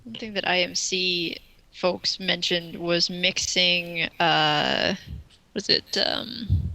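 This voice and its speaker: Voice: medium pitch, steady tone, takes it slowly, vocal fry, pushed and bright, rough recording. A painter chatting casually about mediums and varnish, easygoing and friendly in manner. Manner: chatty, easygoing, laughs along. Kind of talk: casual chat.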